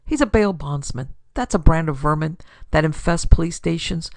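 A woman voicing a gruff, sardonic middle-aged male police sergeant with drawling wisecracks. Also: low-pitched, animated, moderate pace, no room sound, studio quality.

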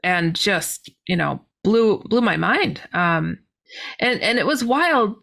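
A woman, a podcast guest, telling a personal story in an animated way, filling her speech with "you know". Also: medium pitch, slow pace, vocal fry.

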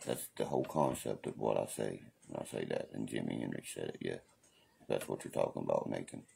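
A man's voice: a bass voice, lively intonation, a little fast, vocal fry, dark tone, slightly rough. A man hosting a casual livestream rant, profane, defiant and preachy, who keeps asking "you know what I mean". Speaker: livestream host.

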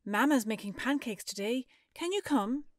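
Woman voicing a cheerful young storybook boy, excited, high, animated, close dry sound. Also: normal speed, no echo, lightly acted. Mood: eager. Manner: bright, eager, excited.

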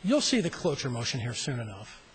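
A man's voice: medium pitch, very animated, a little fast, slightly rough, low-quality recording. A middle-aged man, a state senator, giving a floor speech in a legislative chamber at a floor microphone, telling a rambling, self-deprecating story.

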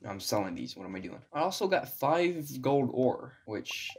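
A man's voice: mid-range voice, sing-song, moderate pace, darkish tone, slightly rough. A young man giving casual gameplay commentary, sarcastic and profane, talking to himself with a strained voice. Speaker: gaming video creator.

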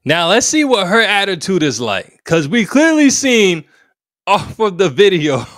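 Reaction host, male, lively swinging pitch, dry mic. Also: measured pace, no echo. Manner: animated, exclaims loudly, slangy. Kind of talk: reaction commentary.

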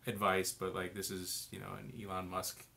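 A man co-hosting a casual live-stream discussion, thinking aloud in a relaxed way with lots of "you know" and "like". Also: low-pitched, normal speed, vocal fry. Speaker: co-host.

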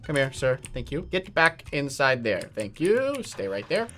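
Lively, bright-voiced excitable man. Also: mid-range voice, measured pace, soft background music. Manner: excitable, exclaims and laughs often. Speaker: gaming video host. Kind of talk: playful gameplay commentary.

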